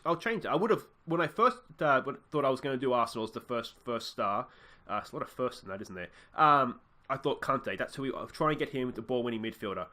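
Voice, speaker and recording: A man's voice: mid-range voice, quick pace. A young man hosting a casual let's play, chatting through a football management game and cheering at the action. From Australia. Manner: chatty, excitable, cheers at goals. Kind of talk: casual gameplay commentary.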